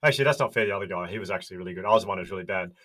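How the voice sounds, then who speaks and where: Lively Australian man telling stories. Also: low voice, very fast, a little hiss or hum. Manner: animated storyteller, acts out quoted voices. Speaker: podcast guest, resilience educator. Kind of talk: casual interview chat.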